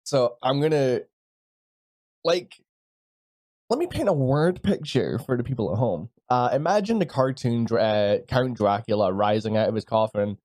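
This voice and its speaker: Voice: medium pitch, darkish tone, no echo, clean studio sound. A tabletop game player chatting casually, swearing freely and sounding exasperated.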